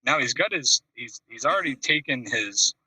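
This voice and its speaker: A man telling a long, animated funny story on a video call, acting out voices and laughing at his own tale. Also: mid-range voice, moderate pace, husky, no echo. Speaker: call-in show host. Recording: dry video call audio, distant from the mic.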